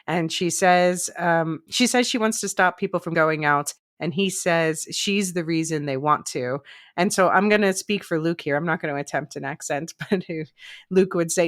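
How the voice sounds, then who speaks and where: A woman hosts a podcast in a fairly low, easy voice, walking through a TV episode's plot with frequent laughs. The sound is dry and close, with no room around it. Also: moderate pace, no room sound. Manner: chatty, laughs often, recaps plot at a steady clip. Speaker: podcast host. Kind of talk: casual podcast chat and episode recap.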